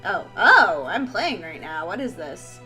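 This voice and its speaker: A woman's voice: on the low side, big pitch swings, a little slow, bright, forceful tone. A young woman giving playful, exclamatory commentary while playing a game. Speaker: let's play host. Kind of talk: casual gameplay commentary. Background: game music.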